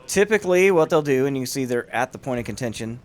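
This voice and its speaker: A man hosting and commentating a large online battle game with lively, amused play-by-play. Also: mid-range voice, fast. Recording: commentary over loud battle crowd noise. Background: crowd and gunfire of a large online battle.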